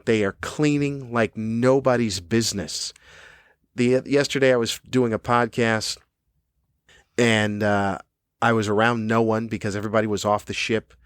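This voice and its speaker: A man's voice: medium pitch, no room sound, clean studio sound. A man hosting his own podcast, a cranky comedian ranting angrily and swearing often. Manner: angry, profane, cranky. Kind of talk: ranting monologue. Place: cruise ship room.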